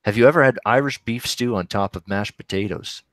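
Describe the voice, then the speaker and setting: Fairly quick and a bit bright, a mid-range male voice belongs to a Canadian sports betting show host. With no echo, he rambles through casual livestream chat, reading viewers' questions and reacting live to games.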